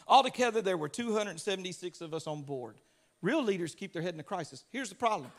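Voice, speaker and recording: A pastor from Louisiana with a Southern US accent preaches in a high, fast voice. His sermon is told through lively, funny storytelling, complete with acted-out voices.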